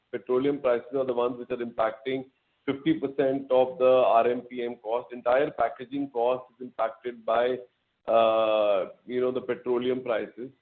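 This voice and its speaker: A man, a company executive explaining results to analysts in a measured way, with frequent fillers. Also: medium pitch. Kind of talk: earnings call answers. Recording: tinny phone line.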